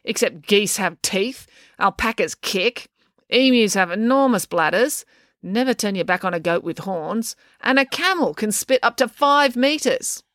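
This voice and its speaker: A woman's voice: mid-range voice, lively intonation, measured pace, a bit bright, dry recording, clean studio sound, pitched above the performer's own voice. A woman doing an indignant young boy. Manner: indignant, protesting questions. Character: exasperated young boy, tired and hungry.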